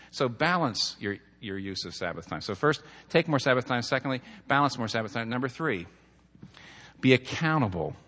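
A middle-aged pastor preaches a sermon built on earnest storytelling and numbered points. His mid-range voice is a bit bright, and a long hall reverb trails his words.

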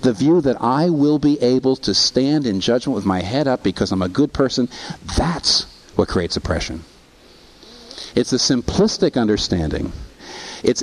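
A man preaching a sermon, asking rhetorical questions and rising in pitch on emphasis. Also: darkish tone. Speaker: pastor.

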